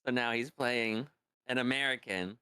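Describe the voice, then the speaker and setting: A man's voice: medium pitch, moderate pace, sharp tone, clear, resonant tone, no room sound. A man co-hosting a podcast, chatting casually in a hesitant way, with lots of fillers. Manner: hesitant, filler-heavy, giggly. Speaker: podcast co-host. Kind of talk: casual chat.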